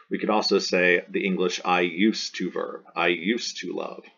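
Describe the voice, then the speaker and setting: A man with a very low, husky voice teaches a recorded Latin lesson. He explains patiently, step by step, and sometimes restarts a phrase. The audio is dull and lo-fi.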